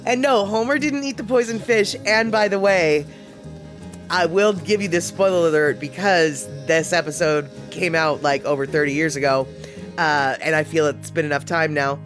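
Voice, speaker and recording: A woman's voice: low voice, steady tone, normal speed, faint music behind. A woman hosting a live stream, chatting casually and rambling with lots of fillers. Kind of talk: casual chat.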